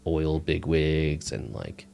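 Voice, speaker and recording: A man's voice: rumbling low, slow, vocal fry. A man sharing a personal testimony as a guest in a casual, rambling way, full of "like" fillers. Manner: relaxed, rambling, heavy use of "like" fillers. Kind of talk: casual storytelling interview.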